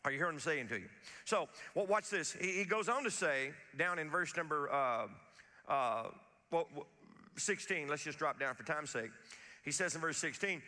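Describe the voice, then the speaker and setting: A man preaching a sermon to his congregation, stumbling over restarts and slowing down to read scripture aloud. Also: fairly high pitch, bright, forceful tone, long reverb tail. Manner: repetitive restarts, emphatic preaching, quotes scripture slowly. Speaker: pastor.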